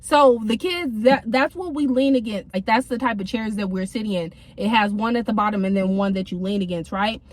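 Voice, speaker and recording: A woman's voice: medium pitch, a little fast, few pauses. A young woman telling a casual storytime from her car, in a chatty, slangy way with many fillers. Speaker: vlogger.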